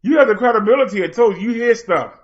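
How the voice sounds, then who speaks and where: Guy hosting a late night stream, high bright voice, calling someone out, kinda muffled lo-fi audio. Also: expressive, fast talker. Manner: confrontational, challenging, mocking. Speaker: livestream host. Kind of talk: late-night livestream rant.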